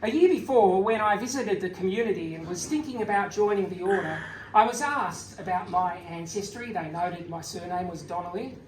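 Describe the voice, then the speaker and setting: An Australian-raised man, an author, giving a wry, gently humorous speech full of anecdotes at a book launch. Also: high voice, expressive, normal speed. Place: event venue, indoors. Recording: echoey room from far off, faint noise.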